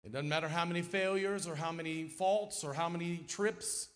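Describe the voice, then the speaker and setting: A middle-aged man preaching a sermon in a church, folksy and lively, with sudden loud, emphatic swells. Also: on the high side, moderate pace. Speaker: guest preacher. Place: church sanctuary.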